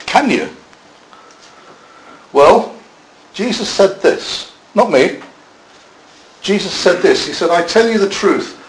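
A man's voice: high voice, lively intonation, takes it slowly, low-quality recording. A man preaching a sermon in a church, conversational, with self-deprecating asides.

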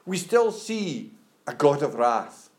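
Guy preaching a sermon, chatty, lots of you knows, slightly high voice, slow. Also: very animated. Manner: conversational, repeats "you know", stammers on restarts.

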